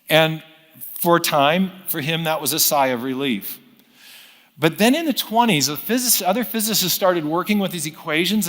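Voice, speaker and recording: A man's voice: a little high, a bit bright. Man lecturing in a reverberant hall. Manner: explanatory, frequent self-corrections and restarts. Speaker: philosopher of science giving a talk. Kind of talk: unscripted lecture storytelling.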